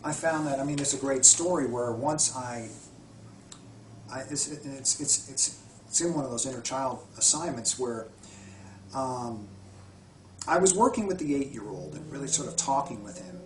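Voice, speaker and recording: The man's voice is mid-range and his speed normal as he earnestly tells heartfelt stories in an interview, restarting sentences often. He is a spiritual healer and retreat guide, recorded far from the mic in an echoey room with a bit of hiss or hum.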